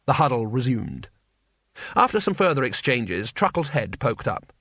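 A man's voice: mid-range voice, very animated, normal speed, a bit bright, no echo, studio quality. A man reading fiction aloud, narrating animatedly between character voices. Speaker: audiobook narrator.

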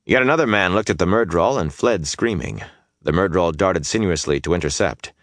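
A man with a deep, low voice reads a fantasy audiobook, his pitch rising and falling with lively drama. His delivery is intense and builds through the action, recorded close and dry with no room sound. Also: a little fast, dry recording. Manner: intense, dynamic storytelling that swells in battle scenes. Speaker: audiobook narrator.

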